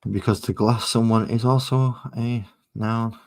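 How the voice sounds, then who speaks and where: A man's voice: medium pitch, fairly even intonation, unhurried, a little mellow. A man with a Mancunian accent rambling casually to his live-stream chat while he paints miniatures. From Manchester, England. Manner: rambling and chatty while working.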